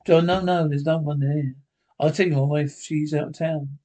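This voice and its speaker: A man's voice: a little high, steady tone, normal speed, a little mellow, close to an everyday voice. A man playing a tense, secretive young husband who answers curtly and defensively, in 1930s radio acting. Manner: curt, defensive, agitated.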